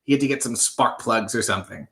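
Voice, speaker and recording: A man's voice: mid-range voice, fast talker, bright, forceful tone. A man in his thirties hosting a live stream, reading out viewer comments with a dry, offhand humor.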